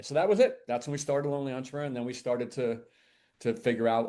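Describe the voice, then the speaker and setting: A middle-aged man speaks quickly at a mid pitch, telling a business story to an interviewer. He brings quoted conversations to life, swinging up in pitch when he plays other people. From United States. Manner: animated, acts out quoted dialogue. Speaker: podcast guest, entrepreneur.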